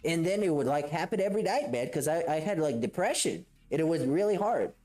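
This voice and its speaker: A man's voice: fairly high pitch, animated, fairly quick, darkish tone, faint music behind, natural voice. A man putting on a mocking impression of a sheepish male gamer who rambles through excuses with lots of fillers. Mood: self-pitying. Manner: whiny, rambling, full of fillers.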